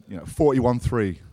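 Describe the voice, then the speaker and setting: A man's voice: mid-range voice, dark tone, a little hiss or hum. A man hosting a live chat show, teasing his guests and swearing casually as he asks questions. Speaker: host. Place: crowded live-show venue.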